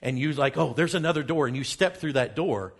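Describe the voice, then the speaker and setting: A man telling a dramatic first-person story while pointing out pictures, dropping to hushed tones for quoted exchanges. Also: fairly high pitch, expressive, brisk. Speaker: speaker presenting travel findings. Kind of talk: storytelling talk with slides.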